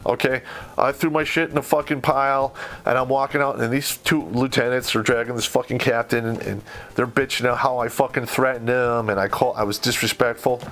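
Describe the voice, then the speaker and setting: A man's voice: mid-range voice, fairly even intonation, fairly quick, fairly bright tone. A middle-aged man from Michigan telling a war story in casual, blunt, profanity-heavy podcast talk. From Michigan, USA. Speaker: podcast host.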